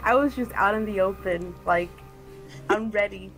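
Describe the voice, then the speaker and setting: A woman's voice: mid-range voice, normal speed, fairly bright tone, soft background music, poor audio. A woman playing a game with her sibling, chatting casually, playful and jokey with nervous outbursts. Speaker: sibling co-player. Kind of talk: casual gameplay chat.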